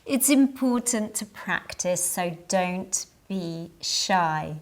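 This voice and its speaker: A woman teaching an English lesson in a scripted style, pronouncing each word carefully and deliberately. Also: fairly low pitch, expressive.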